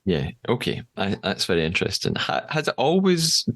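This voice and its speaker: A man's voice: deep voice, huge pitch swings, normal speed, a bit bright. A man hosting a podcast, reading an upbeat intro and then chatting casually with his co-host.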